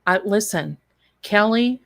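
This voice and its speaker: Unhurried woman spinning a lively yarn, quick to laugh. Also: mid-range voice, gravelly. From Tennessee. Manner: animated, laughing, quotes others in put-on voices. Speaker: storyteller guest. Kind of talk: casual storytelling on a live stream.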